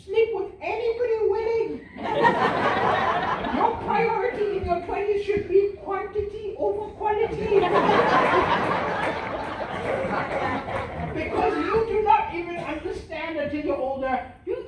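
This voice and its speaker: A man's voice: extremely high pitch, a little slow, very noisy. Man in his forties doing stand-up. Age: 40s. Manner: animated, jumps to loud shouted punchlines. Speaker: stand-up comedian. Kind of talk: stand-up comedy set. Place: live comedy venue with audience. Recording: echoey live room, distant mic, loud crowd laughter.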